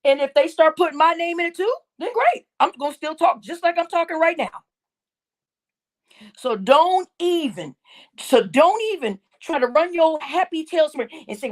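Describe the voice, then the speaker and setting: A high-voiced woman hosts a livestream and rants in heated indignation at her viewers. She scolds them and stacks up repeated phrases as she hammers each point home. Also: lively intonation, moderate pace. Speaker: livestream host.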